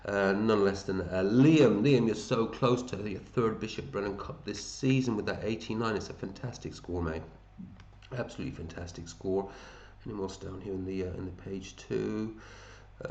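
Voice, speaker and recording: A man's voice: fairly low pitch, darkish tone, echoey room, lo-fi sound. A man hosting a fantasy football league, chatting casually and matey as he runs through scores and thinks aloud. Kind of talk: casual commentary over a screen.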